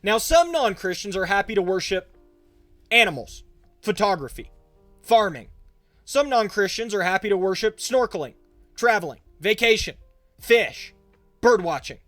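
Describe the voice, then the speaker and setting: A young pastor with a fairly high voice chats loosely with his livestream viewers, picking up their questions as he goes. The sound is dry and close to the mic, with faint music playing under his voice. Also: fairly bright tone, dry recording. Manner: casual, conversational, answers chat questions. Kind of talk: livestream Q&A talk.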